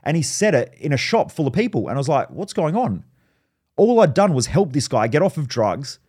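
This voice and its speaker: A man's voice: a little high, big pitch swings, brisk, a little mellow, slightly rough. A man hosting a solo podcast, telling stories in a blunt, profane way. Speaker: podcast host.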